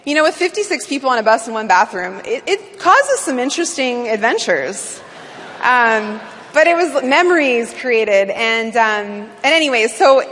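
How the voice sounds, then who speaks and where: A woman from Canada giving a talk to an audience, animated and full of fillers. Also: on the high side. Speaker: business speaker. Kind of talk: speech to an audience. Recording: long hall reverb.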